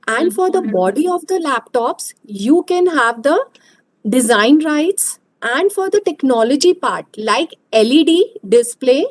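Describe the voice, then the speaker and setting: A woman giving an online lecture over a video call, explaining slowly and hesitantly. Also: high voice, animated, rough recording.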